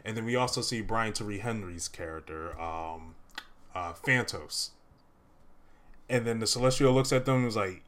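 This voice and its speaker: A man's voice: fairly low pitch, moderate pace, pushed and bright. Rambling young man recapping a movie. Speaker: movie reviewer. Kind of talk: casual movie review chat.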